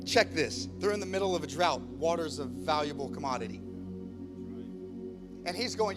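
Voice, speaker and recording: A male pastor with a high-pitched voice preaches an emphatic sermon, acting out the scenes as he tells them. Music plays clearly under his voice. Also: normal speed. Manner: emphatic, acts out scripture scenes. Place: church.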